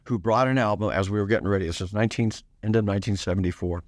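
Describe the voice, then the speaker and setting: An older man talking as a band musician guest in an interview, easygoing and rambling, with halting restarts as he tells stories. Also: fairly low pitch, no echo, studio quality. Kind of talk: relaxed interview storytelling.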